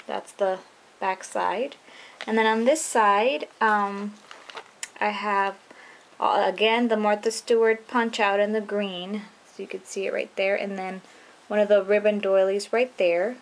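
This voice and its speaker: A young woman casually walking through her handmade scrapbook album, chatty and relaxed, with frequent ums and trailing-off phrases. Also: medium pitch, slight background noise. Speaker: scrapbooking vlogger. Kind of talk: casual show-and-tell walkthrough.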